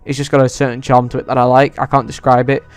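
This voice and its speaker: Excitable male vlogger, casual and foul-mouthed, smooth mid-pitched voice. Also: fast, faint music behind. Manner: excitable, swears freely. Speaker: YouTuber. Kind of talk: casual movie ranking vlog.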